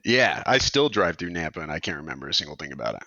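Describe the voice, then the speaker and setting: A young adult man, a podcast guest, telling stories in a profane, animated way. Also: very deep voice, quick pace, no echo, lo-fi sound. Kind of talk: casual podcast chat.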